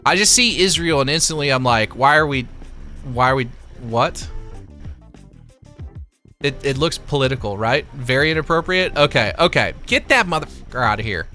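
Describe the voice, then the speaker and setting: A man's voice: mid-range voice, animated, normal speed, pushed and bright, soft background music. A man hosting a casual livestream, reading out viewer comments and chatting loosely with his chat, swearing now and then. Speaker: livestream host.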